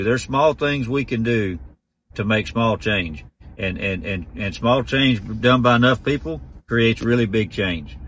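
A man giving a folksy, earnest rant, full of halting restarts. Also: lowish voice, fairly bright tone, a little hiss or hum. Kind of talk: ranting video monologue.

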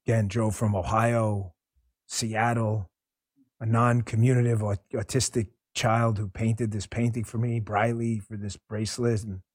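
A man's voice: lowish voice, little pitch movement, unhurried, husky, no room sound, studio quality. A man hosting his own talk show, delivering a passionate, blunt monologue with casual swearing. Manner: impassioned, blunt, swears freely. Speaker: show host.

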